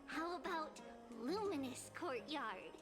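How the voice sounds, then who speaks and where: An actress playing a cheerful, gentle young woman in a video game, speaking lightly and sweetly. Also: high voice, very animated, slow pace, over music, exaggerated voice.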